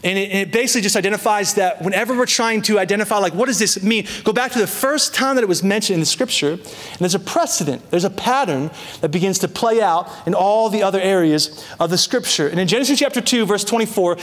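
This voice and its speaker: A man's voice: high-pitched, fast talker, fairly bright tone. A young adult man preaching a sermon as pastor, emphatic, drawing out key phrases and repeating words, acting out quoted lines. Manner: acts out voices in quoted prayers and asides.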